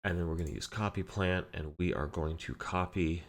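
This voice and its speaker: A man casually commenting on his card game while telling a relaxed story, walking through each play step by step. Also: low-pitched, moderate pace. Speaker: card game player and channel host. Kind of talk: casual commentary over gameplay.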